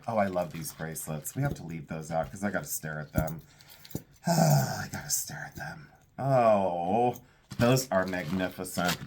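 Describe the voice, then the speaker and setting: A man's voice: lowish voice, a bit bright, a little hiss or hum. A man who sells vintage jewelry, giving casual, enthusiastic commentary as he sorts items and thinks aloud.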